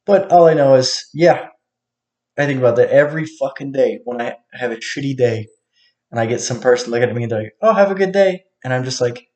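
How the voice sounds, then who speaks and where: A man in a casual monologue, ranting with lots of swearing, swinging between low mutters and sudden outbursts. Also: fairly even intonation, brisk, darkish tone. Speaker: vlogger.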